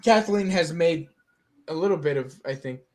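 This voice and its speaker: A man's voice: fairly high pitch, expressive, normal speed, darkish tone. A man on a casual movie podcast panel, hesitant and repeating words as he finds his point.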